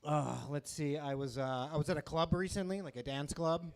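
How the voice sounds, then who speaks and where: A man from New York on a comedy club stage jokes with the crowd in a wry, teasing way. His voice sits very high for a man, and he speaks into a handheld mic. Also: normal speed. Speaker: stand-up comedian. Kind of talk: stand-up set.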